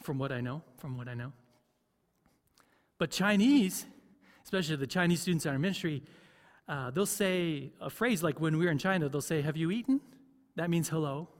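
Conversational pastor in an echoing church. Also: male voice, a little high, moderate pace, long pauses. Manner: conversational, asks the congregation questions. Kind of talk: sermon.

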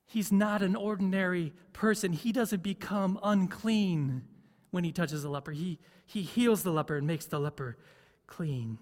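A man's voice: sits high, normal speed, big-room sound. A man preaching a sermon as pastor, conversational, often asking the congregation questions. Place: church.

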